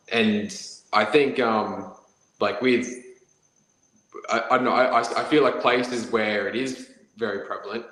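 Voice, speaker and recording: An Australian man co-hosts a casual podcast, rambling and hesitating with plenty of fillers. His voice sits fairly low and has a slight brightness. The room he's recorded in is echoey.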